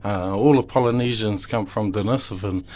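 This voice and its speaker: A man's voice: lowish voice, moderate pace, darkish tone. Emotional New Zealand man pleading. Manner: emotional, pleading, swears heavily, rambling. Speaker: father; video maker. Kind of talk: impassioned direct-to-camera monologue.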